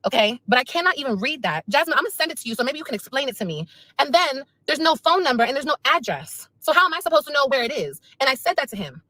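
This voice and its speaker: Woman, high voice, rapid talk, venting and repetitive, bright tense tone, dry close sound. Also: sing-song, dry recording. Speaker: mother speaking on a livestream. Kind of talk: emotional livestream rant.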